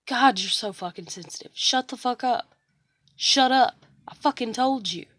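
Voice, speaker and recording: Harsh, contemptuous relative barking orders, higher and louder than her own voice, a woman doing the voice. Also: moderate pace, dry recording. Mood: scolding. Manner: barking short angry commands. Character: harsh, scolding family member, contemptuous and dismissive.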